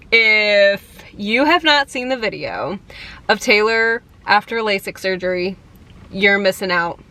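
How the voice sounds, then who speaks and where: A woman's voice: medium pitch, sharp tone. A young woman chatting casually in a fan vlog, giggly and full of "like" and "um". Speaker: vlogger.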